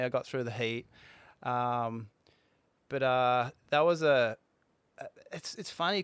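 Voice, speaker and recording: A man in his forties, a former pro surfer, telling a story in a halting way, with restarts and fillers. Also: medium pitch, clean tone, no echo. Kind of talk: casual interview storytelling.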